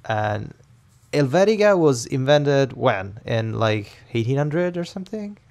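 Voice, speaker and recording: A man's voice: medium pitch, big pitch swings, a little slow, gravelly, darkish tone. A man with an Italian accent, chatting casually as a co-host in an opinionated, joking way and laughing often. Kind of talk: casual chat about typography.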